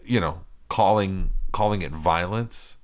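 A man's voice: low-pitched, measured pace. A man co-hosting a podcast in casual chat, sardonic and profane, laughing often. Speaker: podcast co-host.

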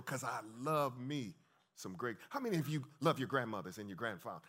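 A man preaching a lively sermon, emphatic and calling out to his congregation. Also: mid-range voice, fairly quick. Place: church hall with congregation.

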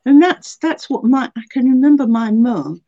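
Older woman, earnest, mellow voice. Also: high-pitched, lively intonation, moderate pace, dull audio. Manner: earnest, emotional storytelling with many restarts. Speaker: interview guest. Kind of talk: personal faith testimony.

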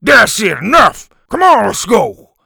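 A man voicing a grumpy, hot-tempered old male teacher who shouts loudly, in a storybook podcast. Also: sits high, huge pitch swings, a little slow, gravelly, slightly rough, no room sound, studio quality, pitched above the performer's own voice, heavily acted. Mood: furious. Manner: shouting, loud and harsh.

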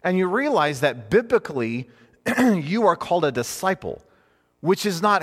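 Long hall reverb surrounds a preacher teaching a class, his high voice sing-song at a normal pace. Earnest and informal in a conversational sermon style, he often rephrases himself mid-thought.

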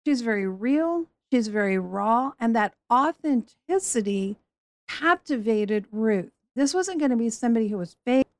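A woman teaching on a Bible story in a lively way, acting out the voices she quotes. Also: on the high side, a little slow, no echo.

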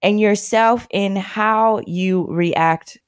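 A woman being interviewed, telling personal stories in a lively way, acting out quoted speech and laughing often. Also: medium pitch, very slow. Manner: animated storyteller who acts out quotes, laughs often. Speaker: interview guest. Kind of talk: casual conversation.

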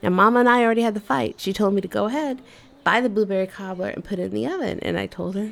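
A woman telling a humorous personal story in an animated, conversational way. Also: mid-range voice, fast talker, creaky. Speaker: storyteller vlogger.

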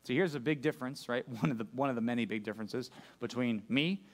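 A man's voice: medium pitch, fast. A male pastor preaching a sermon to a church congregation, talking conversationally and often checking in with his listeners. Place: church service.

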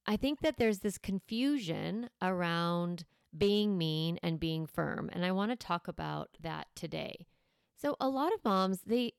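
A woman's voice: mid-range voice, clear, resonant tone, dry recording, studio quality. A woman in her thirties, a parenting coach, talking casually to listeners and acting out firm voices in quotes. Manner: warm conversational, acts out firm voices in quotes.

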